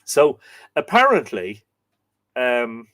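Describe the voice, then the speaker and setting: A man's voice: medium pitch, huge pitch swings, slow pace, fairly bright tone, no echo. An Irish man hosting a live show, reading old myths aloud and wandering into chatty, humorous asides, recorded in a room at home with bookshelves. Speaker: podcast host and reader.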